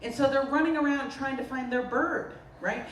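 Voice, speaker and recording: A woman from the Boston area, a potter giving a humorous artist talk, telling stories in an animated, joking way. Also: sits high, normal speed. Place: lecture room at a festival. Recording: roomy, distant mic, faint noise.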